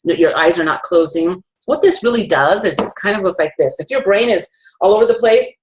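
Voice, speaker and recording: A woman's voice: on the low side, brisk, rough recording. A middle-aged woman presenting essential oils, telling a personal story in a chatty way with fillers and self-corrections.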